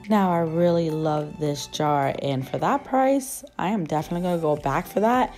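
A young woman vlogger, her voice still rough after losing it, chatting and gushing in a casual shop-with-me voice-over. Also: low-pitched, normal speed, a little mellow, faint music behind. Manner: gushing, chatty, many fillers. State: rough voice, just recovering.

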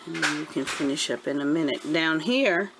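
A woman in her forties, a homeschooling mother, gently coaching her kindergartner through a handwriting lesson at home and repeating each step patiently. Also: low-pitched, moderate pace, heavy background noise. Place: at home indoors.

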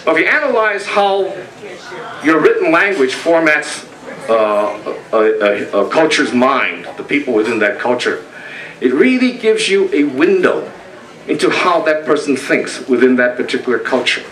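An older American man giving a talk to a meeting. He tells stories, acts out quoted voices and pauses often. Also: on the high side, very animated, a bit bright. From United States. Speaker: speaker presenting a talk. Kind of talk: lecture to a meeting. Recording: echoey room, from far off.

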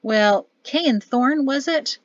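A woman's voice: high voice, slow, no echo, highs cut off, pitched above the performer's own voice. A woman voicing a curious, witty young wife who prods and teases with eager questions. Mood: teasing. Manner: prodding, playful questions.

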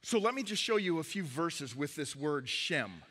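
Bright-voiced preacher in a reverberant sanctuary. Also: male voice, fairly high pitch, very animated, normal speed, slightly rough. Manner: emphatic storytelling preaching. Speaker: pastor. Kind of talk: sermon.

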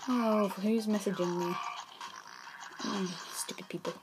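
Slow-talking woman, frustrated gaming commentary. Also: mid-range voice, steady tone, noisy background. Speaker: gaming channel host. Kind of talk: let's play gameplay commentary.

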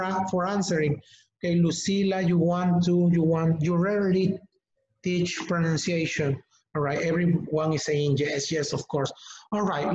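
A man's voice: high-pitched, a little mellow. Echoey man leading a teaching webinar. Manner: slow and deliberate, repeats words, calls on participants by name. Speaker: English teacher trainer, webinar host. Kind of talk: live online teacher-training webinar. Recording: echoey, slightly muffled webinar audio.

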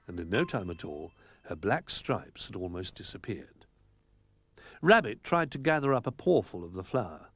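A man reading a children's storybook aloud in an animated, expressive way. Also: lowish voice, normal speed, dry recording. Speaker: narrator.

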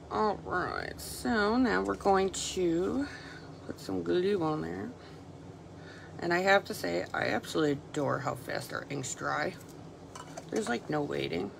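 A woman talks slowly through a paper-craft demo in a low, gravelly voice, chatting and thinking aloud as she colors and glues. She pokes mild fun at herself between steps. The home recording carries steady background noise. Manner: chatty, self-deprecating, thinking aloud while working. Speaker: crafting demonstrator. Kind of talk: casual how-to commentary while crafting.

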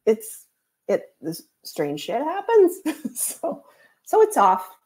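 A woman's voice: a little high, huge pitch swings, slow, a little mellow. A woman, a psychic medium guest, chatting casually and telling stories with acted-out quotes. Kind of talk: casual storytelling chat.

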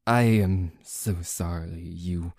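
A man's voice: sits low, takes it slowly, darkish tone, no echo, studio quality. A man voicing a protective young French nobleman with a put-on French accent, commanding toward a rival and tender toward his partner, in an audio role-play. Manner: indignant, commanding, then tender. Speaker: voice actor.

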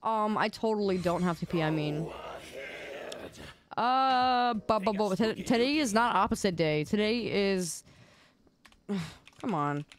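A young adult woman streamer chatting casually on a live stream, playful and excitable, quick to laugh. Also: mid-range voice, a little hiss or hum. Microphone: desk microphone.

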